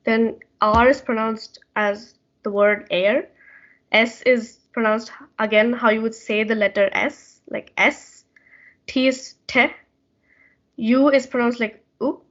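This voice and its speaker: A woman's voice: fairly high pitch, fairly even intonation, a little slow. A woman teaching in an online class, explaining patiently with many fillers, over muffled call audio. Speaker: language session teacher.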